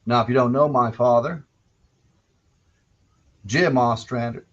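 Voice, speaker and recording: A man putting on the voice of a gentle, folksy male radio storyteller, telling a story in an unhurried way. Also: mid-range voice, steady tone, close to an everyday voice. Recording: dull lo-fi recording.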